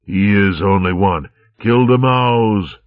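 A man's voice: fairly low pitch, slow pace, no echo, pitched above the performer's own voice. A man doing a hissing, ruthless lizard general. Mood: menacing. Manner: hissing, commanding. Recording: tinny narrow-band recording.

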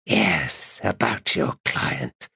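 Guy putting on a slow gravelly cold stalker voice, husky and menacing. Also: expressive, bright, forceful tone, dry recording, clean studio sound, heavily acted. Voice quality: raspy low whisper-like. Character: menacing mysterious male stalker, cold and controlled. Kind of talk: audiobook narration.

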